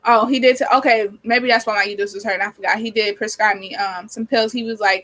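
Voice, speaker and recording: A woman's voice: mid-range voice, steady tone, fast, few pauses, a bit bright, poor audio. A nineteen-year-old woman vlogging casually while she does her hair, venting and rambling with a lot of swearing, her nose irritated and sniffly. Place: small cold bedroom with a space heater running.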